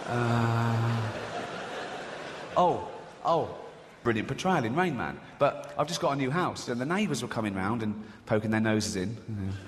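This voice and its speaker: A man's voice: mid-range voice, fast, few pauses, slight background noise. A middle-aged man doing a stand-up comedy routine, telling crude, sarcastic, self-mocking stories to a theatre audience. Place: large theatre stage with audience. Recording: live hall recording with loud audience. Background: audience laughter.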